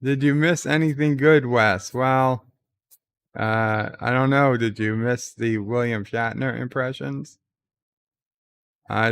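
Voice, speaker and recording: A man's voice: medium pitch, steady tone, slow pace, creaky, long pauses, fairly bright tone, smooth, no room sound. A man hosting a livestream, casually reading viewer comments aloud with many filler uhs. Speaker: livestream host.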